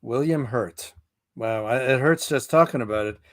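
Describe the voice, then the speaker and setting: A man's voice: mid-range voice, no room sound, clean studio sound. A man co-hosting a casual talk show, joking and bantering with his partner. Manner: jokey, quick to banter. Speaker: co-host. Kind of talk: casual chat.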